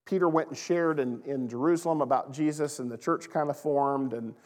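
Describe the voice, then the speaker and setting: A man preaching a sermon as pastor, in a conversational, animated way, laughing now and then. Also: mid-range voice, fairly quick, in a large hall.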